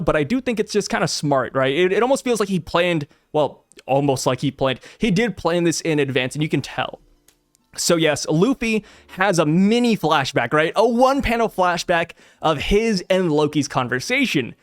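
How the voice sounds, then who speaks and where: A young man chats excitedly through a comic chapter breakdown, throwing questions to his viewers. His voice sits high and swings lively up and down. The sound is dry and close. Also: no echo. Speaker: anime and manga commentator.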